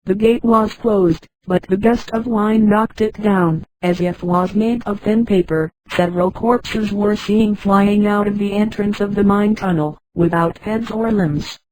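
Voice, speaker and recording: Female text-to-speech narrator, warm dark tone, dry close sound, reads punctuation aloud. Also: medium pitch, measured pace, few pauses, no echo, poor audio. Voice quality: flat synthetic reading that voices punctuation marks aloud. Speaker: audiobook narrator. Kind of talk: scripted narration.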